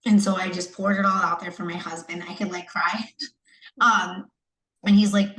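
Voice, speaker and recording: A woman's voice: mid-range voice, fairly even intonation, moderate pace, a bit bright, echoey room, rough recording. A pregnant young woman from the United States, a coaching client, talking emotionally and rambling with many fillers and restarts. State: pregnant, third trimester. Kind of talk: candid video-call testimonial.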